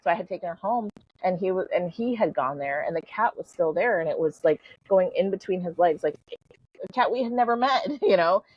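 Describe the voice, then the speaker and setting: Middle-aged woman guest, chatty storyteller, husky, dry, slightly dull lo-fi recording. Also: fairly low pitch, lively intonation, a little fast, no echo. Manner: chatty, full of "like" and "you know", laughs easily. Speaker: podcast guest, spiritual coach. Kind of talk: casual storytelling in an interview.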